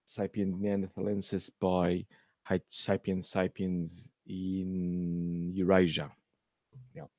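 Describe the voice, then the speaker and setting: A man talks through a casual science commentary at an unhurried, halting pace, full of fillers and restarts. His voice sits low and mellow. The sound is dry and close, with no room around it. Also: no echo. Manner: sarcastic about news articles. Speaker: host.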